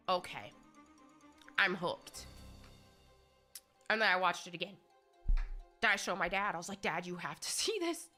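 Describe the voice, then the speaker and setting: Bright-voiced woman streamer with a cold. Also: mid-range voice. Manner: rambling, candid storytelling. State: has a cold. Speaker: gaming streamer. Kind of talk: casual chat while streaming a game.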